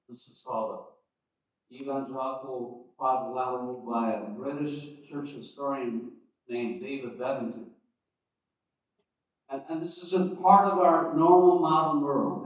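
A man's voice: medium pitch, fairly bright tone. A man giving a conversational teaching sermon on church history, speaking with restarts and asides. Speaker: preacher. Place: church sanctuary. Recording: echoey, distant, dull church recording.

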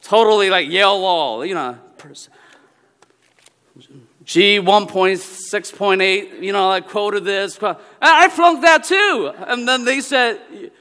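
A man who is a Presbyterian minister, giving a humorous sermon talk with animated storytelling, bursts of exclamation and laughter. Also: sits high, slow, clear, resonant tone. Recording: long reverb of a large hall.

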